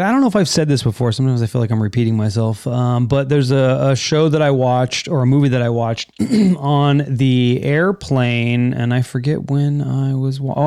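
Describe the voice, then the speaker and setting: A man's voice: mid-range voice, darkish tone, smooth, dry recording, clean studio sound. A man hosting a podcast in casual chat, rambling and correcting himself with enthusiasm. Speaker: podcast host.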